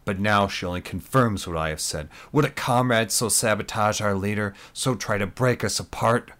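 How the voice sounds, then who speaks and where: A proud, unbalanced male commander addressing his troops in forceful, declamatory speeches, as a male narrator plays him. The voice sits very low and deep, and every line pushes. It sounds like an audiobook reading. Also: normal speed, lightly acted. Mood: calculating.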